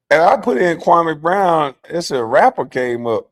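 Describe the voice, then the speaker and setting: A middle-aged man hosting a livestream, telling stories in a casual, profane, animated way, dropping from low mutters to loud outbursts. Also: a little slow, few pauses. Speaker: livestream host.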